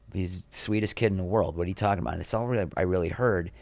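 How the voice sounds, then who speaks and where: A gravelly, low-pitched male voice races along with no room sound. He's a middle-aged actor on a podcast, animatedly acting out others' words while telling candid stories from behind the scenes.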